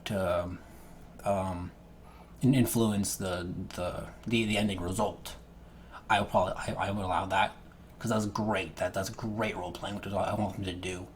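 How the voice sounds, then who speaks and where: Low-voiced man, stumbling over restarts. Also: fairly even intonation, normal speed, slight background noise. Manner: stammering restarts, repeated words. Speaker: game master. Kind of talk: casual talk to camera.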